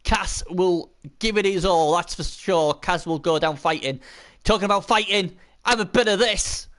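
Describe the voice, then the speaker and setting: A man giving casual, chatty live commentary on a video game match, bursting into shouts at big plays and swearing now and then. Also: sits high, normal speed.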